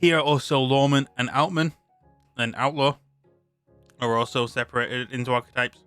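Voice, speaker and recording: Bright, crisp-voiced British man. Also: mid-range voice, a little fast, no room sound, soft background music. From Britain. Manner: reads aloud then chats, with restarts. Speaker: streamer reading a tabletop rulebook. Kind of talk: live-stream rulebook read-through.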